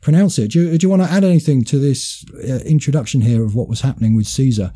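Guy hosting a history podcast, very dark warm voice, stumbles and repeats words. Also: mid-range voice, quick pace, husky. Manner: hesitant, repeats words, reads passages aloud. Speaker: podcast host. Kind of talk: history discussion reading quotes.

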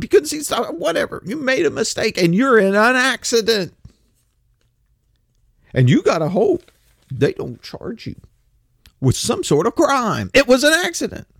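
A man's voice: sits high, creaky, no room sound, studio quality. A man in his fifties delivering a blunt, opinionated monologue, ranting and swearing casually. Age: 50s.

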